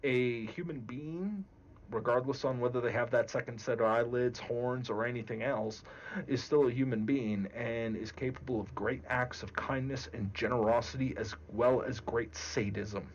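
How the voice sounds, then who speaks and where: A man speaking as a guest game master in a casual discussion, deliberate and emphatic. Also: mid-range voice, steady tone, muffled recording.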